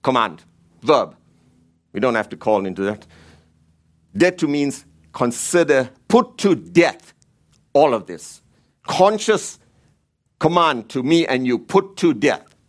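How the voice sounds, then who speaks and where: A man's voice: medium pitch, sing-song, slow, pauses often. A man teaching the Bible in a church, emphatic and repeating key words, often rising when he stresses a point.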